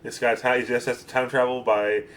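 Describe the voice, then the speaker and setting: A man's voice: medium pitch, level tone, normal speed, fairly bright tone, slight background noise. A man from Michigan co-hosting a podcast, chatting casually about comics in a wry, laid-back way and often laughing. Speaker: podcast co-host. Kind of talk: casual comic-book discussion.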